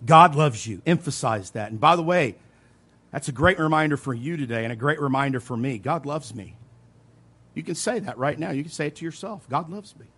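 High-voiced man preaching emphatically. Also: expressive, a little fast, slightly rough. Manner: earnest preaching, emphatic repetition, occasional soft laughs; swings between loud emphasis and quiet asides. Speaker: pastor. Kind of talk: sermon.

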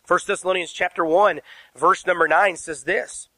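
Bright-voiced preaching pastor. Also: male voice, high-pitched, fairly even intonation, normal speed, dry recording, poor audio. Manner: emphatic preaching with rhetorical questions, spells words out. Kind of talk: sermon. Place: church sanctuary.

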